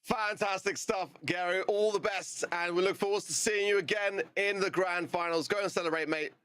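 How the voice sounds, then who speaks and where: A man's voice: high-pitched, steady tone, normal speed, fairly bright tone, clear, resonant tone, dry recording. A British man hosting an esports broadcast, upbeat and jokey as he interviews players and talks through standings. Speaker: esports host and caster.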